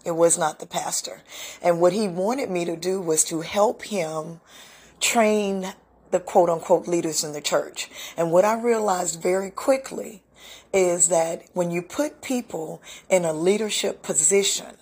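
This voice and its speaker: Middle-aged woman, husky lowish voice, talking open and emotional on her podcast. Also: measured pace, darkish tone. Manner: candid, emotional, laughs often. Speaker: podcast host. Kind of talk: personal storytelling monologue.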